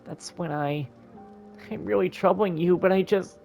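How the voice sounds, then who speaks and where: A gamer voicing a young woman customer who tells her story in a halting, emotional way while reading game dialogue aloud. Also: mid-range voice, gravelly, darkish tone, soft background music, pitched above the performer's own voice, natural voice. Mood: tearful.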